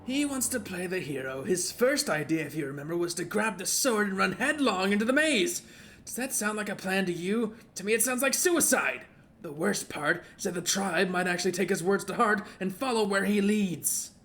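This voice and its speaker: A man voicing a blunt, raspy, witch-like female ranger while reading game dialogue aloud. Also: high voice, lively intonation, moderate pace, fairly bright tone. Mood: scornful.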